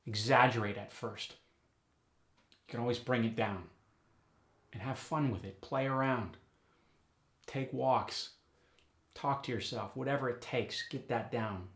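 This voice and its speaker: Upbeat male dialect coach, slow and deliberate, punching his example words, roomy echo. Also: mid-range voice. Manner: upbeat teacher, loudly exaggerating example words. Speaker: accent coach. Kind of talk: dialect tutorial.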